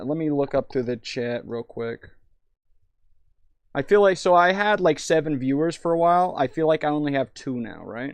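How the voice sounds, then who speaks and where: A man's voice: mid-range voice, dry recording. A young man streaming in VR, tipsy and rambling, swearing freely while reading chat aloud.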